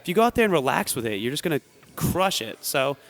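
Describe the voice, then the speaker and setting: A man's voice: on the high side, fast. A young American man, a guest athlete, chatting casually on a podcast and acting out quotes as he tells stories. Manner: animated storyteller acting out quotes.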